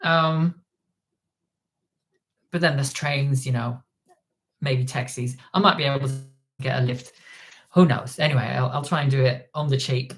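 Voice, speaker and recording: Dutch-accented male streamer, relaxed chat, thanks donors between stories. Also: mid-range voice, a little slow, long pauses. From Netherlands. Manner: recounts events while reading viewer donations and comments. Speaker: livestream host. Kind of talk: casual livestream chat.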